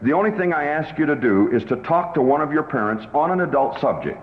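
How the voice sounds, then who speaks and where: A man's voice: fairly high pitch, lively intonation, quick pace, voice pushed up, lightly acted. A man voicing a stern middle-aged female schoolteacher, giving instructions in a precise, instructive way. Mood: instructing. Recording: roomy hall, dull lo-fi tape.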